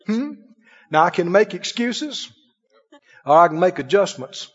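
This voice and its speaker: A man's voice: sits high, sing-song, unhurried, fairly bright tone, husky. A man preaching a sermon, chuckling often and asking the congregation questions. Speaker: pastor. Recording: dull, lo-fi sound in a reverberant hall.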